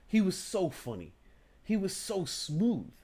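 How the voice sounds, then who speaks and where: A man hosting a casual livestream talk show, telling animated stories, acting out inner voices and swearing casually. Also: high-pitched, takes it slowly, vocal fry, breathy edge.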